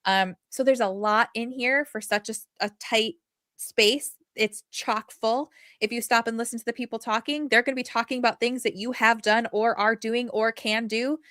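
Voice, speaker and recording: A woman co-hosting a podcast in casual chat, animated and rambling with many fillers. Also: a little high, normal speed, dry recording, clean studio sound. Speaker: podcast co-host.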